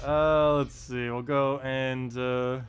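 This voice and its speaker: A man's voice: medium pitch, slow. Easygoing male game streamer thinking aloud. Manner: relaxed thinking aloud with filler words. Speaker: gaming live streamer. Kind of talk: casual gameplay commentary. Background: faint game music.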